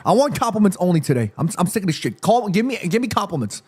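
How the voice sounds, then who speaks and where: Streamer host, male, high and very lively voice, reads chat out, easily wound up. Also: quick pace, slightly rough. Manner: excitable, reads viewer messages aloud, swears. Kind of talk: casual live-stream watchalong chat.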